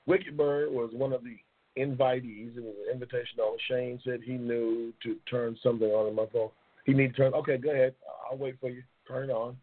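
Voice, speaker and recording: A male talk show host chats loosely on a live stream, slangy and rambling, repeating himself. His voice is husky and mid-pitched. It comes through a tinny, phone-like line. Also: level tone, a little fast. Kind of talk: casual live-stream chat.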